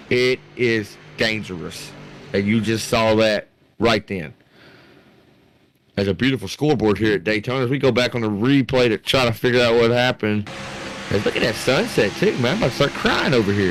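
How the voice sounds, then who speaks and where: Excitable male race commentator. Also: mid-range voice. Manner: excitable, rambling, talks to his producer. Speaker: sim racing commentator. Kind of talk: live play-by-play commentary.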